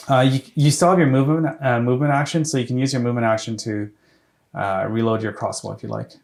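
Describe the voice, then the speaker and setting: A man's voice: medium pitch, fairly even intonation, vocal fry, a little mellow. A man running a tabletop game as game master, losing his voice and talking with many restarts. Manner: halting, full of restarts and fillers. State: losing his voice, clearing his throat.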